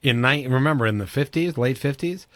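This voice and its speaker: A man hosting a radio interview, eager and quick to agree with his guests, often restarting his sentences. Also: medium pitch, no echo. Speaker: radio show host. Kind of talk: casual interview chat.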